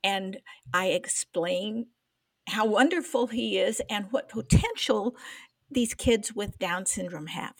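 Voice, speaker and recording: Older lady co-host telling a teary story real slow, gravelly voice, dead dry audio. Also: mid-range voice, dry recording. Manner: earnest, emotional, tries to hold back tears. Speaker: podcast co-host. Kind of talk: personal storytelling in casual chat.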